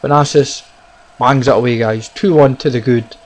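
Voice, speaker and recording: A man giving casual, excitable commentary on his own football video game, talking to viewers as guys and lads. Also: medium pitch, moderate pace, poor audio. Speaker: gaming YouTuber. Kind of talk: casual live gameplay commentary.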